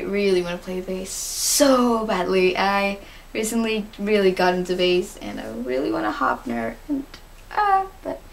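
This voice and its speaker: A teenage girl talks straight into her camera for a casual vlog. She is chatty and gushing, with lots of fillers and quick giggles, at an ordinary mid-range pitch for a woman. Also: gravelly, a little hiss or hum. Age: teens. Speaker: fan answering interview questions.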